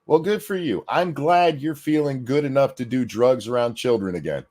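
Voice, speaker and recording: A man's voice: mid-range voice, lively intonation, normal speed, darkish tone, no room sound. A man hosting a ranting reaction commentary, profane, sarcastic and berating. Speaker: commentary host.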